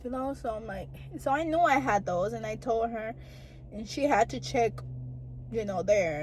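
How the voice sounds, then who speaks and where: A young woman talks to her camera in a loose, chatty storytime manner. Her voice sits a little high, and she sprinkles "like" and "girl" through her sentences as she goes. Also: lively intonation, normal speed, slight background noise, poor audio. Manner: chatty, lots of "like" and "girl" fillers. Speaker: vlogger. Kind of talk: casual storytime chat to camera.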